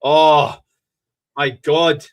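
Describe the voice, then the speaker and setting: A Scottish man hosting a fan podcast, reacting live to a football match in an excitable, gloating way and swearing freely. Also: on the high side, very slow.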